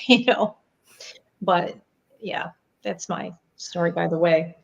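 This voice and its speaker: Chatty animated woman telling stories. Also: on the low side, a little slow, vocal fry, long pauses, muffled recording. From Niagara Falls area. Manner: chatty, animated storyteller who laughs often. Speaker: guest psychic medium. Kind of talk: casual podcast chat.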